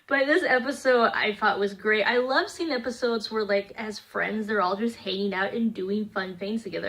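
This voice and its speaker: A young woman chatting casually into her camera, reviewing episodes she just watched. Her voice sits a little high, and she talks in an animated way, often dropping into playful quoted voices. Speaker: vlogger reviewing a cartoon series. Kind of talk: casual reaction chat.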